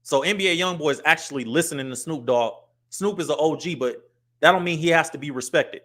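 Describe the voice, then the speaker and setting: An American man in middle age, speaking as host in loose, lively commentary. His voice sits a little high for a man, and he slips into put-on voices to show how people talk. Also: a little fast. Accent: US English. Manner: animated, acts out street and business voices. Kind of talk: casual commentary to camera.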